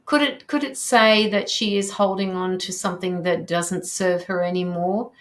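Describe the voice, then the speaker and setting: Woman doing a live tarot stream, lowish voice, gentle and reassuring, lots of ums. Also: fairly even intonation, moderate pace. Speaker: tarot reader hosting a livestream. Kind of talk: live tarot reading, reading viewer comments aloud.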